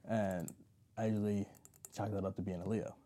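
A man's voice: on the low side, level tone, moderate pace, dark tone. A man in casual chat, thinking aloud and laughing often.

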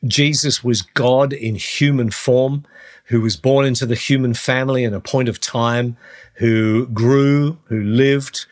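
A middle-aged man hosting a podcast, talking earnestly through a Bible teaching and slowing down on the points he wants to stress. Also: medium pitch, fairly even intonation. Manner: earnest, slows down on key phrases. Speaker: podcast host, Christian teacher.

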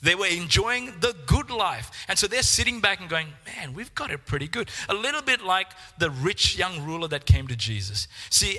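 Male preacher, fairly high voice, animated delivery with repeated words, reverberant hall. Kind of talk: sermon.

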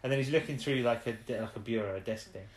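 A man's voice: mid-range voice, fast talker. A man co-hosting a podcast, chatting casually and rambling through an episode recap with frequent restarts. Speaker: podcast co-host. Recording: roomy, echoey recording.

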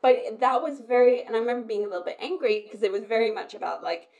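A woman's voice: on the high side, quick pace, darkish tone. A woman in casual conversation, talking at length and laughing often. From Britain. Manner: chatty, laughs often, rambling. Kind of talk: casual chat.

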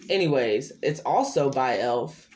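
A man's voice: animated, unhurried, noisy background. A young man hosting his own podcast, chatting loosely and rambling in slangy casual talk. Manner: rambling, loose and slangy, with sudden pitch jumps. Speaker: podcast host. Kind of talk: casual solo podcast chat.

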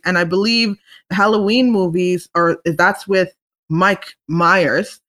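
Bright-voiced chatty young woman host. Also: on the low side, a little slow. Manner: chatty, rambling with many restarts and laughs. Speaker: solo podcast host. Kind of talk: casual chat.

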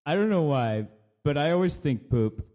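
A man's voice: on the high side, lively intonation, normal speed, dark tone. An American man co-hosting a casual podcast chat, joking and laughing often. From United States. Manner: jokey, puts on silly voices and laughs often. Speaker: podcast co-host.

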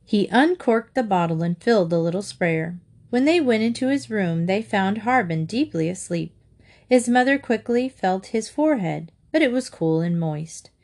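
A woman reading a children's chapter book aloud, narrating in a gentle, even way. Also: mid-range voice, normal speed. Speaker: storyteller.

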